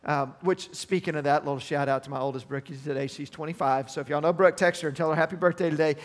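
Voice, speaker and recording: A middle-aged male pastor preaches in an earnest, conversational way, weaving personal asides into scripture. His voice sits a little high for a man. The sound rings with the long reverb of a large hall. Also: fairly even intonation, quick pace. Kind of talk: sermon.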